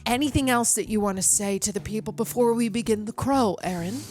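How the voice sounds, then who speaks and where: A woman's voice: mid-range voice, brisk, darkish tone. A young woman co-hosting a movie reaction show, talking in a bubbly, chatty way full of asides. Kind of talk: casual chat.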